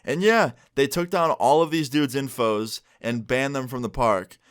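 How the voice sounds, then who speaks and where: A young man telling a story-time vlog in a casual, joking way, swearing freely and getting animated. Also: medium pitch, unhurried, clean tone. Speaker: storyteller vlogger.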